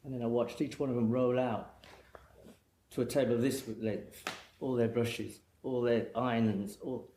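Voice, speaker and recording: A man's voice: medium pitch, steady tone, unhurried, warm tone. A middle-aged man from England, a guest hairdresser telling long rambling anecdotes in casual chat. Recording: echoey room with faint noise.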